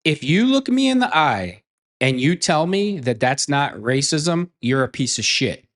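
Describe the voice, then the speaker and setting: A man's voice: fairly high pitch, very animated, unhurried, fairly bright tone. A man giving a heated opinion rant as an online commentator, blunt and profane, repeating phrases for emphasis.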